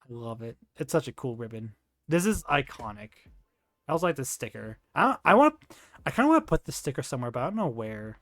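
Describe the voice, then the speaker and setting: A man's voice: medium pitch, very animated, quick pace, fairly bright tone, no room sound. A man chatting casually on a livestream, rambling and gushing, with lots of fillers, restarts and slang like "dude". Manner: slangy, says dude and bro. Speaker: streamer.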